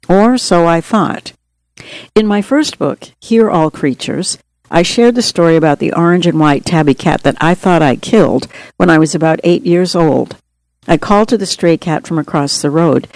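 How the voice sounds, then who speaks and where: A woman's voice: fairly low pitch, a little mellow, no echo. A middle-aged woman narrating her own memoir as an audiobook in an earnest, straightforward storytelling manner.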